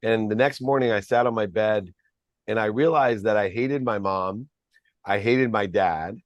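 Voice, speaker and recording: A man's voice: fairly low pitch, moderate pace, no room sound, highs cut off. A man, a podcast guest, telling a personal story in an earnest, reflective way.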